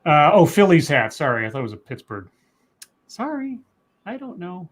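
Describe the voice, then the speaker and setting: A man's voice: a little high, huge pitch swings, normal speed. A man co-hosting a casual livestream, reading news stories aloud and rambling on with chatty asides and fillers.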